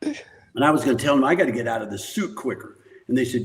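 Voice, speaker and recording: Older male guest, mid-pitch, rambling profane storyteller who laughs a lot. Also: lively intonation, fast talker, a little hiss or hum, low-quality recording. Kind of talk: casual storytelling.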